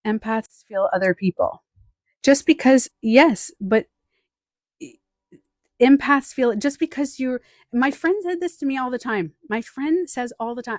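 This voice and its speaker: A woman's voice: high-pitched, measured pace, dry recording. Chatty woman coach, dry sound. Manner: chatty, animated storytelling with acted-out quotes. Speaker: life coach and author. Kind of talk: live stream talk answering chat.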